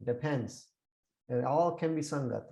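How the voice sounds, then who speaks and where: A man's voice: mid-range voice, measured pace, vocal fry, warm tone. Man explaining scripture. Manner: mixes English and Punjabi, repeats words while explaining. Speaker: Sikh scripture teacher.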